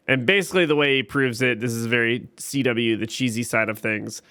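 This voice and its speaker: A man's voice: mid-range voice, normal speed, pushed and bright, smooth. A man hosting a casual TV episode recap, retelling scenes and slipping into the characters' lines as he goes.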